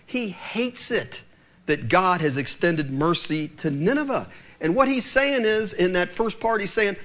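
A man preaching a sermon, acting out the people in the story as he goes. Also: normal speed. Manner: animated preaching, acting out voices with swings of pitch. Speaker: pastor.

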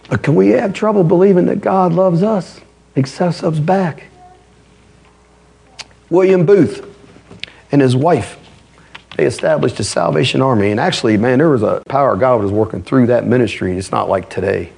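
Man, pastor, sermon, gravelly and husky voice, emphatic conversational preaching. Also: medium pitch, moderate pace, pauses often, a little mellow.

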